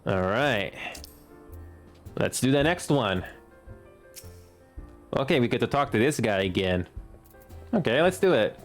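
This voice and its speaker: A man in his late twenties giving casual gameplay commentary as a streamer. He talks in a halting way, stumbling over and restarting words. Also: medium pitch, big pitch swings, soft background music. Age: late 20s.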